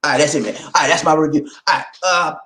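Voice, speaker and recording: A man's voice: on the high side, steady tone, quick pace, pushed and bright, echoey room, poor audio. A man giving casual, joking vlog commentary straight to his viewers. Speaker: vlogger.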